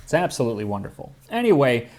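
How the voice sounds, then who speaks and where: A man's voice: medium pitch, big pitch swings, fast talker, a little mellow. A man hosting a cooking history show, giving scripted narration with dry humor and tasting the food.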